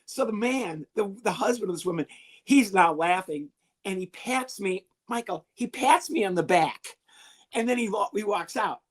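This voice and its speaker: A man, a comedian guest on an interview show, telling an animated story and acting out the people in it. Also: high voice, moderate pace. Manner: lively, animated, acts out the people he quotes.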